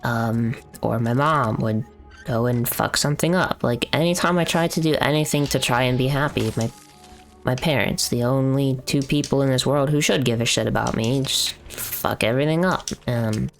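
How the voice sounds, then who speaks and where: A young man talking casually on a live stream, venting in a rambling, profane way with lots of fillers. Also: mid-range voice.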